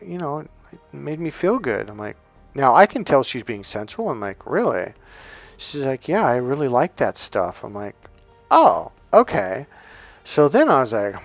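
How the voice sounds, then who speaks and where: A middle-aged man who works as a dating coach, telling a personal story in a loose, profane, animated way and laughing along as he goes. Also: medium pitch, gravelly. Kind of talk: casual storytelling monologue.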